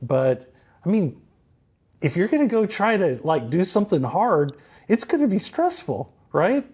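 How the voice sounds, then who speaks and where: A man's voice: high-pitched, sing-song, measured pace, darkish tone, breathy edge. A man hosting a podcast, chatting casually and encouraging his guest with brief affirmations. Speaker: podcast host. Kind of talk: casual interview talk.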